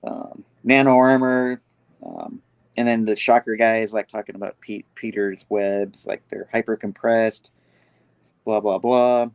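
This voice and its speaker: A man's voice: on the low side, steady tone, measured pace, creaky, smooth, dry recording. A man recapping a comic book issue in casual chat, rambling with lots of "like" and "you know.".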